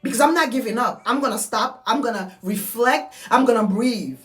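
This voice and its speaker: Earnest woman with soft music behind. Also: on the high side, moderate pace. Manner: earnest, repetitive, heartfelt. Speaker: vlogger. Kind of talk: personal motivational monologue. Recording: soft music underneath, mic at a distance.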